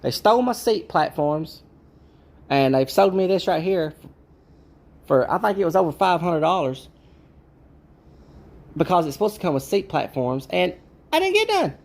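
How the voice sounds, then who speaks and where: A man's voice: high-pitched, big pitch swings, normal speed, gravelly, pauses often. A man, a car restorer, ranting in a frustrated way about bad parts in his garage workshop.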